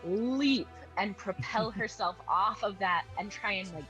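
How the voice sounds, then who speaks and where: A woman's voice: mid-range voice, a little slow, fairly bright tone, faint music behind, low-quality recording. A woman playing a tabletop role-playing game, describing her character's attack with hesitant fillers. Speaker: player.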